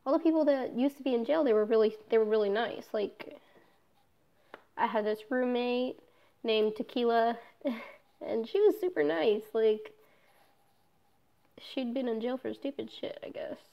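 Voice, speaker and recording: A woman's voice: on the high side, measured pace, gravelly, long pauses, muffled recording. A young woman in a casual personal vlog, talking candidly, swearing often and trailing off with fillers. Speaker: vlogger.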